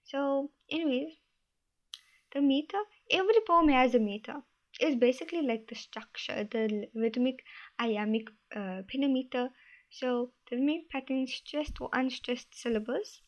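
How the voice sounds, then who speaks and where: Young female study host, casual explainer, a touch high, muffled home recording. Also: normal speed. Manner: chatty, loose, repeats herself while explaining.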